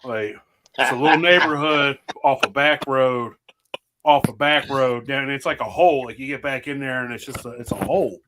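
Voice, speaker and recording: A man's voice: medium pitch, normal speed. Laid-back man, noisy recording. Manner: laid-back, profane, chuckling. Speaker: friend and co-guest. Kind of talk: casual chat.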